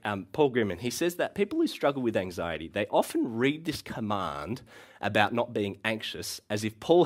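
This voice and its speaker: A man in his thirties preaching a sermon as a pastor, talking in a conversational way with frequent ums and uhs. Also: mid-range voice. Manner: lively, conversational delivery with frequent uh and um.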